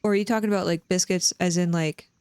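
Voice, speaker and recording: A woman's voice: on the low side, fairly even intonation, fast, darkish tone, smooth, no room sound. A woman live streamer chatting casually with her viewers while she plays, rambling and often restarting her sentences. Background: faint game music.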